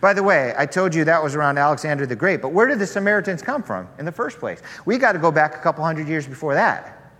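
A man preaching a sermon in a relaxed, conversational storytelling manner. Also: a little high, fast talker. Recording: long hall reverb.

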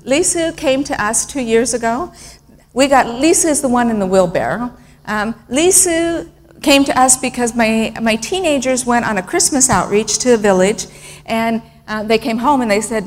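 A middle-aged woman tells stories from her missionary work in an earnest, emotional way, often restarting her sentences. Her voice sits fairly high. The sound carries a long reverb, as if from a large hall. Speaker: missionary speaker. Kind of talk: storytelling talk with slides.

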